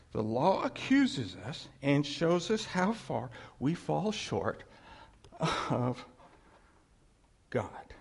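A man preaches a sermon with a gravelly, husky voice and a pitch that leaps up and drops low. He talks to the congregation casually and asks them to follow along. His voice rings out with a long reverb in a big church hall. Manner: animated, conversational preaching with audience call-backs. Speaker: pastor.

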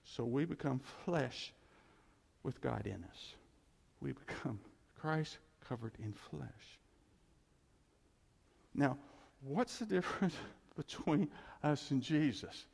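A man's voice: mid-range voice, slow pace, gravelly, breathy edge, in a large hall. A man preaching a conversational sermon in a church. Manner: animated and conversational, laughs between points.

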